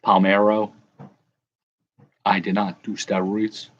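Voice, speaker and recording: Husky low-voiced man rambling casually. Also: level tone, slow pace, lo-fi sound. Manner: rambling, self-correcting, chuckling. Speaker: livestream host. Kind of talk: casual chat reading viewer comments.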